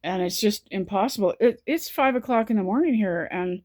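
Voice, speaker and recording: Worn out from a sleepless night, a woman records a personal vlog on the verge of tears, stumbling and repeating herself. She speaks in a mid-range, darkish voice.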